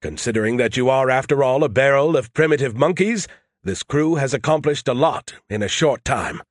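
A smug male alien AI with a mocking, condescending edge, as a narrator puts it on. The voice sits a touch higher than a regular speaking voice and sounds dry and close, with no room around it. It needles and talks down to everyone in a storybook telling. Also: lively intonation, moderate pace, dry recording, natural voice. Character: arrogant snarky male alien AI.

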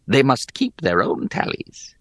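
A man's voice: mid-range voice, huge pitch swings, a little slow, dry recording, studio quality, voice pushed up. A man voicing a sly, drawling ancient hag. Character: ancient bald female hag, careless gambler.

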